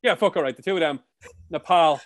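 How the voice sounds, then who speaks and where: A man's voice: a little high, a little fast. A young Irish man co-hosting a podcast in casual, jokey chat, laughing often and swearing freely. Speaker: podcast co-host.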